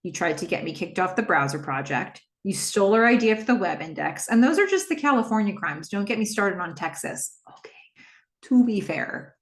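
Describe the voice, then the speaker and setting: Speaking fairly quickly with few pauses, a female podcast host casually retells a TV episode scene by scene. She performs the characters' dialogue, animatedly changing her pitch as she quotes them. The audio carries a roomy echo.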